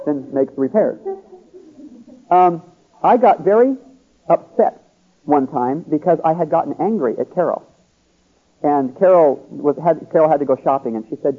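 A man preaching in a relaxed, conversational way, pausing to ask his listeners "See?" and "Okay?". His voice sits a little high and sounds husky. The sermon comes through a thin, phone-like radio broadcast. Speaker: pastor. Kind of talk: sermon teaching.

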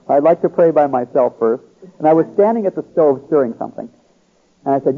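Husky man preaching over tinny radio. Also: on the high side, animated, moderate pace, pauses often. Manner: conversational, checks in with "See?" and "Okay?". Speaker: pastor. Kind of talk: sermon teaching. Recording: tinny phone-like radio broadcast.

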